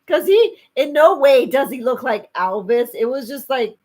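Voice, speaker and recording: Animated female co-host, bright higher pitch, giggles, reads chat. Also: normal speed. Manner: animated, laughs often, reads chat aloud. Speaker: livestream co-host. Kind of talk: casual chat.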